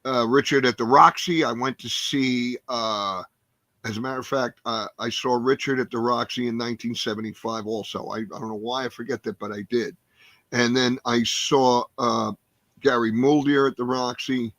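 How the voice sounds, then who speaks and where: A man's voice: medium pitch, fairly even intonation, normal speed, fairly bright tone, dry recording. A man in his sixties from New Jersey, a comedian guest telling a rambling story full of fillers and acted-out quotes. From New Jersey, USA. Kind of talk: storytelling in a podcast interview.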